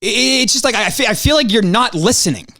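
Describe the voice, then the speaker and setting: A young man hosting a podcast, hoarse and losing his voice, ranting heatedly with plenty of swearing. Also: high voice, animated, fast, bright, forceful tone, no echo, studio quality. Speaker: podcast host. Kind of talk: casual podcast monologue.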